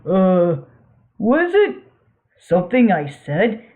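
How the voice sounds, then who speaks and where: A woman's voice: mid-range voice, very animated, slow. A woman voicing a vain, cowardly male space captain who talks in a pompous, self-pitying, theatrical way. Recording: tinny phone-like audio.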